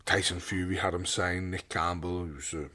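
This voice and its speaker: A man's voice: deep voice, little pitch movement, normal speed, bright, forceful tone. A young man, a professional boxer, telling his story in an interview, blunt and swearing, repeating words and acting out what others said.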